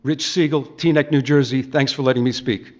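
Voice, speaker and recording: A man's voice: medium pitch, fairly even intonation, brisk, a little mellow, a little hiss or hum. A man making an emphatic, indignant public comment at a council meeting, speaking in short declarative statements. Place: council chamber. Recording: dull, muffled meeting audio.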